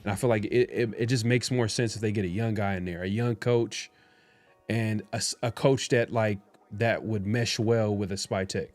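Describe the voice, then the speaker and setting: A man co-hosting a casual sports talk show, speaking in a halting, laid-back way with many restarts. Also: fairly low pitch, fairly even intonation, a little mellow, soft background music. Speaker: podcast co-host.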